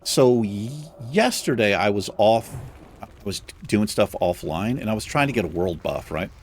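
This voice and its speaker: Low-voiced young man chatting while gaming. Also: animated, normal speed, slight background noise. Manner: chatty, swears freely, rambling storytelling. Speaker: gaming streamer. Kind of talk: casual gameplay commentary.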